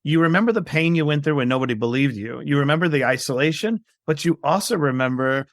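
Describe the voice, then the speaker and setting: Gravelly-voiced storytelling man. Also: fairly high pitch, quick pace, dry recording, clean studio sound. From New York, USA. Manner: animated, acts out quoted voices. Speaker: guest. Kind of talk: storytelling interview.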